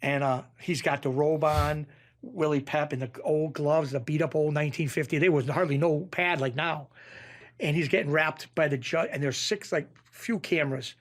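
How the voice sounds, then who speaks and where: A man from Springfield, Massachusetts, a podcast guest telling an animated story, acting out quotes and getting excitable. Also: moderate pace. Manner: excitable, acts out quotes, jumps pitch when excited.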